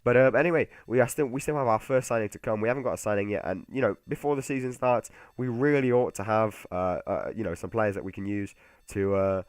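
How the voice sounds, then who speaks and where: A young man chats through his football video game session at a brisk clip, stumbling over restarts and fillers as he goes. His voice sits low, and the recording is dry and close with no room sound. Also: dry recording. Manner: rambling, many fillers and restarts. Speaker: gaming YouTuber. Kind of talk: casual game commentary.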